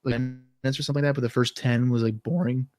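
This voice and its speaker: A man's voice: mid-range voice, steady tone, quick pace, darkish tone, dry recording. Chatty man with a catching throat. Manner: chatty, loose, trails off at sentence ends. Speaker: podcast co-host. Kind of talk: casual chat recapping wrestling.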